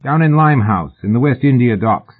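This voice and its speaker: A man voicing an easygoing working-class bill-sticker boss who talks in a cheerful, folksy, unhurried way, in a storybook reading. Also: medium pitch, expressive, pitched above the performer's own voice, natural voice. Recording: tinny phone-like audio.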